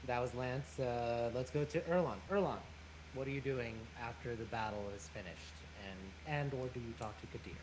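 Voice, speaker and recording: A man narrating as game master of a tabletop role-playing game, relaxed and prompting each player in turn. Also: medium pitch, normal speed, noisy background.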